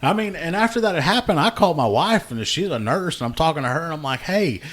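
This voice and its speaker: A man's voice: fairly high pitch, expressive, fast talker, a bit bright. Guy hosting a podcast, telling a story, laughs a lot, acts out the back-and-forth. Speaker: podcast host, law enforcement officer. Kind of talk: casual chat, storytelling.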